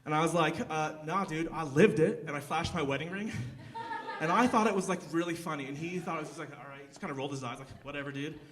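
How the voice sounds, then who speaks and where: A man's voice: on the high side, quick pace, background noise. Rambling self-mocking young man on stage. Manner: rambling, self-deprecating, full of fillers. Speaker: stand-up comedian. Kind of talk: live stand-up set. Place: theater stage.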